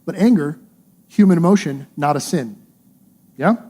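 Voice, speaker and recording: A male pastor preaches in an earnest, conversational manner and drives his points home with repetition. His voice is fairly high for a man, with a mellow, warm tone. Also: lively intonation, moderate pace. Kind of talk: sermon.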